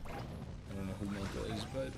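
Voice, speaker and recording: A man's voice: on the high side, expressive, moderate pace, a bit bright. A man streaming live, chatting casually with his viewers and reading their messages aloud. He rambles with many fillers, apologizes often and swears offhandedly. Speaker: livestreamer.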